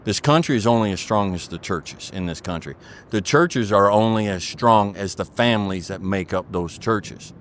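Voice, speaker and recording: A man's voice: lowish voice, normal speed, a little hiss or hum. A middle-aged man speaking as an interview guest, talking in an earnest and preachy way, repeating his points and asking "okay?".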